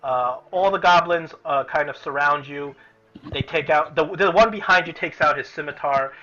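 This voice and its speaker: A man's voice: a little high, normal speed, sharp tone, dull audio. A man narrating as game master in a casual tabletop session, often restarting his sentences.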